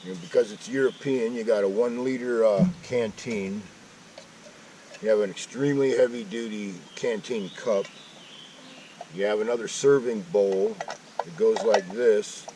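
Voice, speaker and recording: A man's voice: fairly low pitch, measured pace, distant mic, noisy background. A man casually chatting while cooking breakfast at a mountain campsite, folksy with joking asides. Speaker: outdoor vlogger. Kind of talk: casual camp-cooking vlog.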